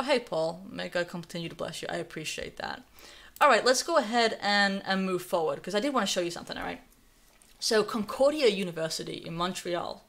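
A woman's voice: lowish voice, vocal fry, a bit bright. A young woman with a North Carolina accent hosting a live stream, giving sarcastic, conversational commentary and reading viewer messages aloud. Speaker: livestream host.

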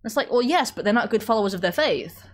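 A woman's voice: on the high side, expressive, fast talker. A woman from England with an English accent, hosting a casual commentary show and talking to viewers in a sarcastic, chatty way. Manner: sarcastic, chatty, frequent restarts and laughs.

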